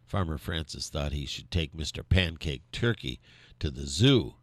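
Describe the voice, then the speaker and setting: Male storyteller, low voice, animated read-aloud, sing-song delivery. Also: normal speed, dry recording. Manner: animated, lively storytelling with restarts. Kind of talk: reading a children's story aloud.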